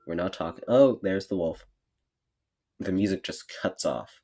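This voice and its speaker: A gamer who is sick, with a voice deeper than usual, joking and rambling through a let's play while reading the game text aloud. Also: moderate pace, darkish tone.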